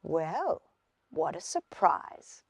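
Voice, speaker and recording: A woman voicing a kind, polite male squirrel in a storybook read-aloud, speaking gently and quietly. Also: mid-range voice, normal speed, no echo, clean studio sound, natural voice. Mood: gentle. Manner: polite, quiet and warm-spoken.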